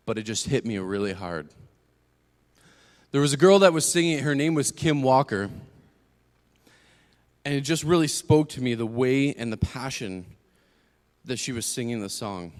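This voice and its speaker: A young man tells his life story as a sermon testimony, earnest and steady. He drops to a hush, then presses hard on key lines. His voice sits mid-pitch and trails off in a long church reverb. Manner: earnest storytelling, swings from hushed to emphatic. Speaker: guest speaker giving testimony. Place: church sanctuary.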